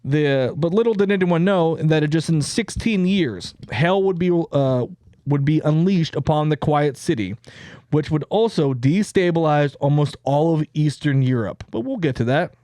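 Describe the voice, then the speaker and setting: A man's voice: a little high, moderate pace, mellow, dry recording. A man hosting a podcast, telling a history story in a joking, casual way with plenty of fillers. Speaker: podcast host.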